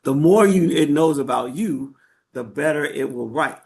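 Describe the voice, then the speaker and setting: A man with a slightly high-pitched voice teaches a live online class. His delivery is conversational and loose, full of "right?" and "okay?" check-ins and small restarts. He talks through slides from a computer setup. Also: normal speed, gravelly, darkish tone. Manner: frequent fillers and restarts. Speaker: workshop instructor.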